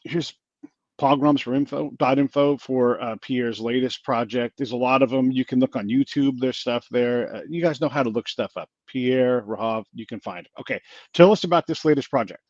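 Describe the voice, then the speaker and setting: A man's voice: mid-range voice, a little fast, a little mellow, no echo, muffled recording. A man hosting an interview, talking casually and loosely. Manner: loose, hesitant, with fillers and restarts. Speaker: podcast host.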